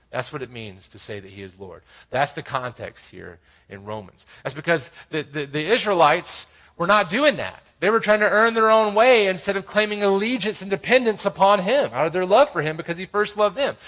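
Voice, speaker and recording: Working through scripture verse by verse, a male pastor peppers his sermon with frequent "right?" asides and swings between loud emphasis and quiet asides. His voice is a little high, and the recording quality is low.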